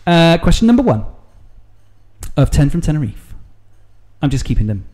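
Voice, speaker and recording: Playful high-voiced man hosting. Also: big pitch swings, normal speed, darkish tone. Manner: playful, laughs often, teasing. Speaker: podcast host. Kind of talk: casual quick-fire interview.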